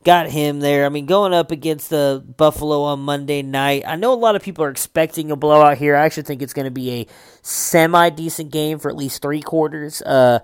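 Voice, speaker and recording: A man's voice: fairly high pitch, fairly quick, smooth, no room sound, studio quality. A young man running through his weekly fantasy football rankings in a casual, conversational way, with frequent filler sounds.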